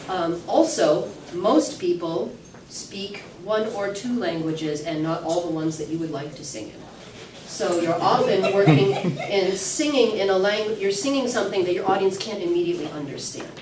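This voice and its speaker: A woman's voice: lowish voice, noisy background. A woman teaching a singing workshop to a class, chatty, with many fillers and restarts, recorded from afar in an echoey classroom. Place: classroom at an early music event. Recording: echoey room mic from far off.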